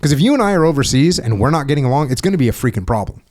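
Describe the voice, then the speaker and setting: A man's voice: medium pitch, big pitch swings, very fast, a little mellow. A middle-aged man hosting a podcast, telling stories casually and acting out quoted voices with emphasis. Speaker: podcast host. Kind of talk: casual conversational storytelling.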